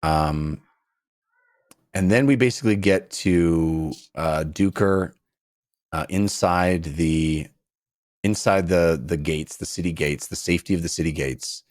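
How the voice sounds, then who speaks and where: A man's voice: deep voice, unhurried, no echo, clean studio sound. A man hosting a book podcast, talking casually and playfully acting out scenes from the novel. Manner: animated, acts out characters in funny voices.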